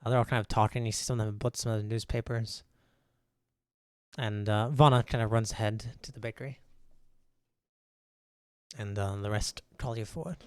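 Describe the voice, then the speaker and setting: A man's voice: lowish voice, moderate pace, long pauses, clear, resonant tone, no echo, clean studio sound. Laid-back man narrating as game master. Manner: relaxed narration full of fillers.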